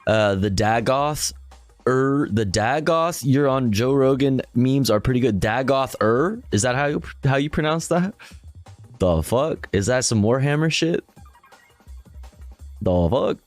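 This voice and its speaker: A man's voice: medium pitch, lively intonation, measured pace, no echo, soft background music. A man chatting casually and crudely with viewers on a livestream while he reacts to clips.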